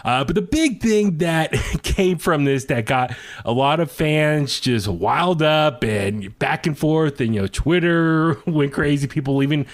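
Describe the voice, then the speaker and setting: A man's voice: fairly high pitch, lively intonation, measured pace, few pauses. A man hosting a podcast in casual chat, rambling with many fillers and restarts as he reads quotes aloud. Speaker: podcast host.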